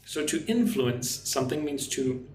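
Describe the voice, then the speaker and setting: A man teaching an English lesson on a livestream, chatting with viewers and modelling pronunciation slowly, often asking "right?". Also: medium pitch, animated, darkish tone, slight background noise. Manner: friendly, repeats "right?" often, slow careful modelling of words. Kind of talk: live-streamed English lesson. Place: home in Vietnam. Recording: echoey room with faint ambience.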